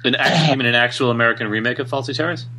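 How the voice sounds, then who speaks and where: Man, podcast host, rapid speech, eager questions, faint hum. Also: mid-range voice, sharp tone. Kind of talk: interview.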